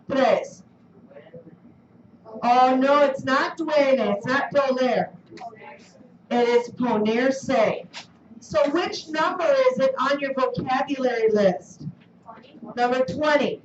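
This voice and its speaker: A woman's voice: high voice, a little mellow, slight background noise. A woman teaching a Spanish lesson in a classroom, coaxing and quizzing her students. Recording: roomy, distant, dull classroom recording.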